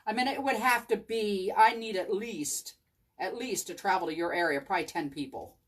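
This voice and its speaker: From a craft table at home, dog at her feet, a woman leads a live chalk craft tutorial. Her mid-range voice moves at a moderate pace as she thinks out loud and addresses viewers by name in conversation.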